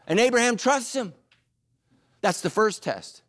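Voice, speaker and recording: Animated joking male pastor, fairly high voice. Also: unhurried, no echo. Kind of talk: sermon.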